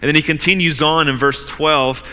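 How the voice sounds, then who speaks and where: Brief: male preacher, slightly high and very bright voice, casual and emphatic, long hall reverb. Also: steady tone, moderate pace, clean tone. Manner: conversational, emphatic, fills with "like" and "you know". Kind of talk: sermon.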